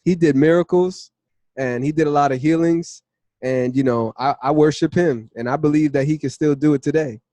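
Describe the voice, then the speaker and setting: A young man with a slightly high voice shares a testimony in a relaxed, conversational teaching style. He slips into the voices of the people in his story as he retells it, over a dry, close sound. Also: moderate pace, no room sound. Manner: animated storytelling, acts out dialogue with "I was like". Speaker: Bible study teacher.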